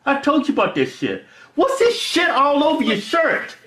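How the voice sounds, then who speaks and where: A man in casual comedy banter, crudely and repeatedly complaining that someone is too loud beside him. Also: very high voice, wildly swooping pitch, normal speed, a little hiss or hum. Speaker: comedy video host.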